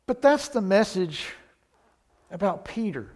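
A man with a fairly high voice delivers a sermon at a slow, deliberate pace. He sounds earnest and lets his volume swell on the lines he wants to land. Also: expressive, darkish tone. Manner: slow, earnest, rises in volume on key points. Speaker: preacher.

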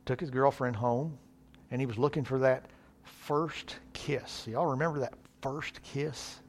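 A male preacher, giving an earnest, folksy sermon. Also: mid-range voice.

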